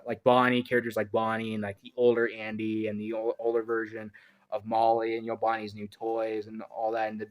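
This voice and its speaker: A man's voice: mid-range voice, rough recording. Rambling young man reviewing casually. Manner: rambling and chatty, trailing off into tangents. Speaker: YouTube reviewer. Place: his own room at home.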